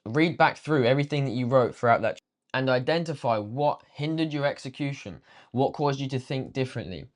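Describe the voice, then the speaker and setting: A man's voice: medium pitch, fairly quick. A young man, a trading coach giving a blunt, swear-filled motivational rant and ending lines with "bruv" and "yeah".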